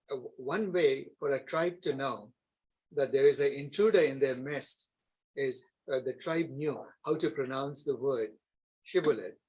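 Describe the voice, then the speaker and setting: Husky Indian-accented male lecturer. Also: on the high side, a little mellow, rough recording. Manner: explanatory, frequent tag questions like "isn't it?" and "right?". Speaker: instructor. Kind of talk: classroom lecture.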